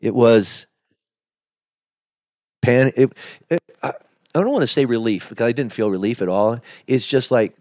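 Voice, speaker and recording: A man's voice: mid-range voice, expressive, measured pace, long pauses, a little mellow, dry recording. A middle-aged man, a pastor being interviewed, telling his story in a candid, emotional, confessional way that halts at the hard moments. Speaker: pastor, podcast guest.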